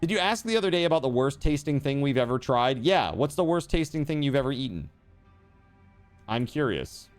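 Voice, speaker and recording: A man's voice: mid-range voice, very animated, fairly quick, faint music behind. A man streaming a video game, chatting casually and teasingly with his viewers as he plays. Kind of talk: casual chat while gaming on stream.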